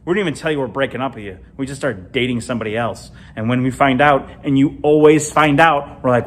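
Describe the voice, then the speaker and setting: A middle-aged man from Illinois doing an animated stand-up comedy set alone in an empty comedy club, with punchy delivery and big jumps in pitch. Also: fast talker, hardly any pauses, slight background noise.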